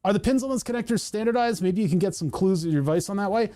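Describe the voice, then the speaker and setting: Young man, American streamer, casual rambling chat, mock-indignant rants, frequent laughter, slightly higher voice. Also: fast talker, warm tone. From United States.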